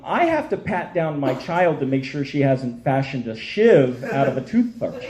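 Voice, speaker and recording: A man in his forties doing a stand-up comedy set on stage, with punchy, self-mocking delivery. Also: high voice. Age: 40s. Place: comedy stage before a live audience.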